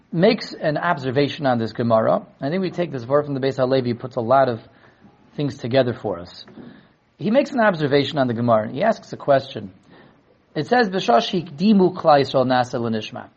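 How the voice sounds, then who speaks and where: Animated man teaching a Talmud class. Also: fairly high pitch, dull audio. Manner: animated, acts out quoted dialogue; repeats words in quick restarts. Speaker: Torah teacher.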